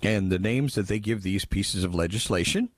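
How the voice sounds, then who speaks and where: A man's voice: on the low side, moderate pace. A man hosting a talk radio show, reading listener texts aloud with sardonic asides and chuckles. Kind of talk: casual talk radio commentary. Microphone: studio microphone.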